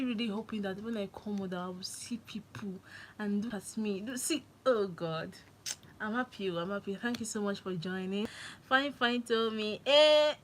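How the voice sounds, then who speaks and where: A young woman from Nigeria chatting on a live stream from her phone, excitable and laughing often. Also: mid-range voice, low-quality recording. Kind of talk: casual live-stream chat.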